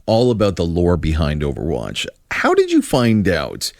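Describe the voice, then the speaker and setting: A man hosting a radio show in the studio, joking and animated as he interviews a guest. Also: low voice, normal speed, vocal fry, no room sound. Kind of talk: casual radio chat.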